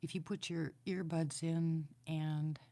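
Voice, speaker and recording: A woman vlogging at night from indoors by a window, chatting to her viewers through an external microphone in an animated way, sometimes dropping to a whisper. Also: low-pitched, slow pace. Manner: chatty, animated storytelling, drops to a whisper at times. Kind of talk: casual chat to viewers. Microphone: external microphone near a window.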